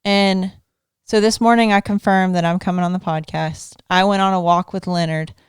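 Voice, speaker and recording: A woman guest on a podcast in casual chat, teasing and animated as she tells a story into a studio microphone. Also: on the low side, normal speed, clear, resonant tone, dry recording.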